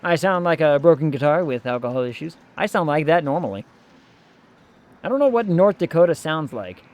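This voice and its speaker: A man's voice: on the high side, animated, brisk, a little mellow. A man streaming a video game, chatting casually in a playful, jokey way. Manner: playful and jokey, slips into silly voices. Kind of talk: casual gameplay commentary.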